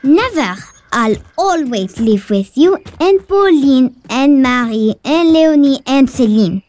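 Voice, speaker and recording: A woman voicing an eager, devout nine-year-old girl who is impulsive and quick to tears, in an audio drama. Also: sits high. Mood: earnest. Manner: bright, excitable, quick to tears.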